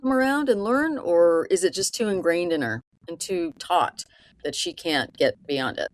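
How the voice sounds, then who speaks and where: Lower-voiced woman in a dry room. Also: animated, a little slow, dry recording. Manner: frequent listening murmurs, analytical. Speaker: podcast co-host. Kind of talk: casual film discussion.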